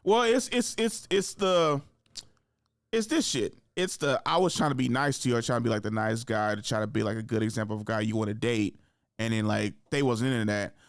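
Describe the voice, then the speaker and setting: A young man hosting a podcast, telling stories in casual chat, laughing often and doing high voices for the people he quotes. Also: a little fast, dry recording, studio quality. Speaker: podcast host.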